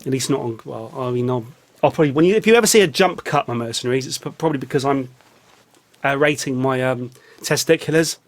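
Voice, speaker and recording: Talking fast in a medium-pitched voice, an English vlogger with a London accent rambles through a comic monologue that mocks himself, with big swings in his delivery. The recording comes from a small, hot studio.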